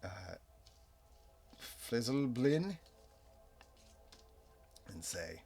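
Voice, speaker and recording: A man narrating a solo tabletop game as game master, in a relaxed, rambling, self-amused way. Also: on the low side, extremely slow, long pauses, breathy edge. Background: soft background music.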